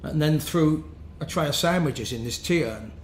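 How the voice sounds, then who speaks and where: Here a musician from London, guesting on an interview, laughs his way through meandering stories with many false starts. He speaks at a normal speed in a voice on the high side, recorded in a roomy space with faint background noise.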